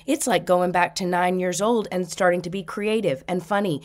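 A woman's voice: fairly low pitch, normal speed, few pauses. A woman host giving a spiritual reading, passing on messages with frequent laughter. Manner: relays messages in quotes, laughing often. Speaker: psychic medium.

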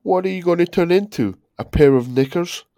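A man putting on a higher voice to play a flirty, teasing upper-class woman, in a giggly, hammed-up way. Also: fairly quick, warm tone.

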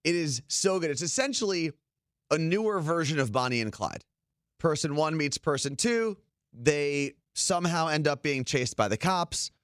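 A man's voice: a little high, lively intonation, normal speed, fairly bright tone, no room sound, studio quality. A man from New Jersey co-hosting a casual chat, explaining things at length in an easygoing way.

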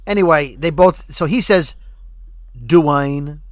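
A man's voice: on the high side, animated, moderate pace, a bit bright, no echo. A man co-hosting a casual fan podcast, rambling and joking as he talks. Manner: rambling, joking, self-correcting. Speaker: podcast co-host. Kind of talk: casual fan-show chat.

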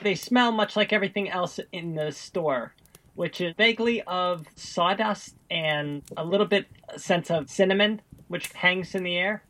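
A woman's voice: lowish voice, a little slow, fairly bright tone. A woman running a tabletop game as game master, narrating in a playful, descriptive way.

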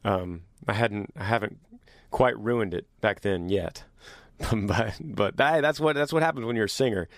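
A man hosting a casual solo podcast in an upbeat, chatty way, his voice deepened by years of singing. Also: normal speed, no echo. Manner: upbeat, chatty, teasing his younger self. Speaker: podcast host.

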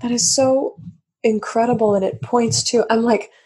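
Female interview host, husky voice, expressive and conversational. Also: on the high side, moderate pace.

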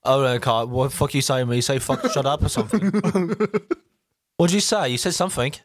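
A man's voice: medium pitch, brisk, dry recording, clean studio sound, lightly acted. A man doing a brash British bloke spoiling for a fight. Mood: belligerent. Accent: put-on British. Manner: swaggering, cursing, picking a fight.

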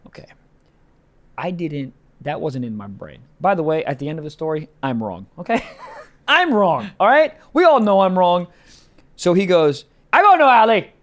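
A man, a comedian and podcast co-host, telling a story in casual chat, animated and cursing often. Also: on the high side, normal speed. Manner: animated storyteller, swears a lot.

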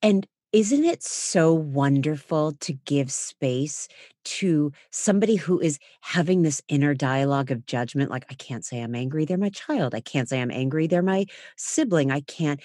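A woman hosts a podcast interview with a very low voice. She asks measured, empathetic questions and leaves room for her guest to answer. The recording is dry and close. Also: dark tone, no echo. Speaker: podcast host.

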